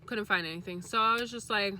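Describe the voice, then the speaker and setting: A young adult woman vlogger telling a story in a casual, chatty way, candid and quick to swear. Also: mid-range voice, bright, forceful tone, slight background noise.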